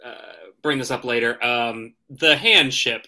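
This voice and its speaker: A man co-hosting a loose podcast, talking with enthusiastic, profane excitement. His voice is very bright and sharp-edged, at a middle pitch. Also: unhurried. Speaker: podcast co-host. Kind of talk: casual podcast chat.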